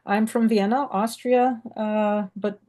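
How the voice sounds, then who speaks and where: Taking it slowly, an American woman with a dark, medium-pitched voice and fairly even intonation asks her question on a video call. As an audience member in an online Q&A, she rambles at length, enthusiastic and full of fillers.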